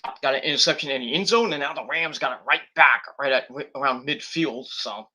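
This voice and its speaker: A man's voice: mid-range voice, a little fast, sharp tone. A man casually reviewing wrestling on a live stream, rambling and swearing, with lots of fillers and restarts.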